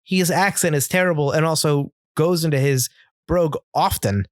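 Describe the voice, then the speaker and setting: A man's voice: on the high side, no room sound, studio quality. A man co-hosting a film podcast, talking casually and bluntly about what he disliked, with frequent restarts. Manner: opinionated, critical, halting restarts. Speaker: podcast co-host.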